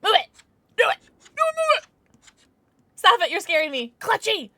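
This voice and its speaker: A woman streamer chatting casually while playing chess, excitable and giggly, with squeals and hushed mutters. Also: very high voice, normal speed, no room sound.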